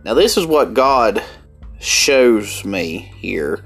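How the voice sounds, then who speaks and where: A man with a country accent preaching a Bible study sermon, earnest and deliberate, with emphatic bursts. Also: lowish voice, sing-song, fairly bright tone, breathy edge. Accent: Southern US country. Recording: faint music underneath.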